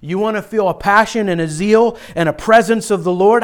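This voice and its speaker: A man's voice: moderate pace, hardly any pauses. Earnest young male pastor preaching. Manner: earnest, drops to a low hush for emphasis. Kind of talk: sermon.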